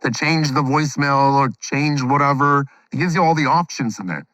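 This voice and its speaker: A man's voice: medium pitch, moderate pace, low-quality recording. A middle-aged man casually retelling his own story, loose and profane, acting out the people he quotes. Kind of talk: casual anecdote.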